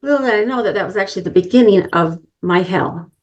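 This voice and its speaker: A woman's voice: mid-range voice, fast, highs cut off. A middle-aged woman giving an inspirational talk, telling a personal story earnestly and addressing the listeners directly. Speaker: summit speaker.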